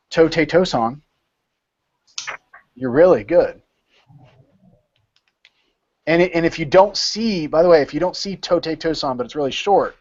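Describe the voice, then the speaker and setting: A man's voice: a little high, dull audio. A man leading an informal study session over a video call, explaining step by step and repeating words as he thinks.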